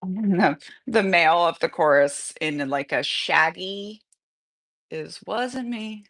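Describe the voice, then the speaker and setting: Woman host, slow and gravelly, casually walks through her musical and reads its lyrics aloud. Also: sits low, fairly bright tone. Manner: reads lyrics aloud between loose stage directions. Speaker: livestream host. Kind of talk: talking through a musical she wrote.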